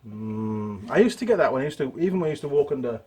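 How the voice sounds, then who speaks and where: Husky-voiced chatty mechanic, a middle-aged man. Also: mid-range voice, expressive, fast, warm tone. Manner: chatty, digressing, self-deprecating. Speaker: mechanic host. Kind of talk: casual workshop tutorial. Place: home workshop.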